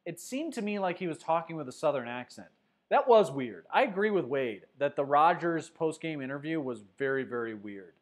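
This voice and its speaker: A man with a somewhat high voice hosts a loose sports stream, reading comments from his viewers. He talks casually and teases the chat, with lots of ums and uhs between points. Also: animated, normal speed. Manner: chatty, teasing viewers, many fillers. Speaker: sports show host. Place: Denver.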